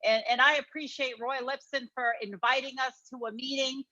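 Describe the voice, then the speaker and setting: Woman, bright and fairly high voice, earnest and thankful team leader; dry, lo-fi call sound. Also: fairly even intonation, a little fast, no echo. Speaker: business leader speaking to team. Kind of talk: motivational remarks. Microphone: video call.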